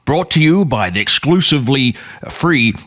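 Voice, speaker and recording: A man's voice: mid-range voice, expressive, normal speed, fairly bright tone, close to an everyday voice. A man doing a faded Scottish super-spy. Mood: grandiose. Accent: faltering put-on Scottish. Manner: grand mock-dramatic delivery, then rambling and sheepish. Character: aged, comically washed-up male spy back from the dead. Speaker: comic character on a podcast.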